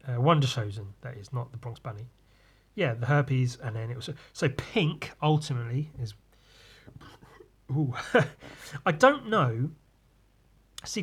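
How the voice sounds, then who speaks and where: A man's voice: a little high, breathy edge. A man hosting a solo podcast, tipsy from drinking and rambling loosely, often trailing off and restarting. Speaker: podcast host. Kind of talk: rambling casual monologue.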